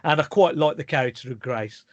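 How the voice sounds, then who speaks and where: A man with a slightly high voice tells a story in a casual podcast. He rambles and restarts his sentences, and the recording is dry and close. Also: fairly quick, no room sound, dull audio. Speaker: podcast co-host. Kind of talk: casual chat.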